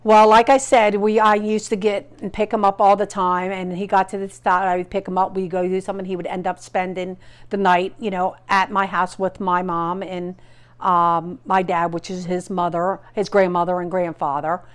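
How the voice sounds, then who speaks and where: A woman's voice: fairly low pitch, flat delivery, moderate pace, clear, resonant tone. A middle-aged woman, the performer's aunt, telling rambling family stories in a documentary interview. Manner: rambling, storytelling.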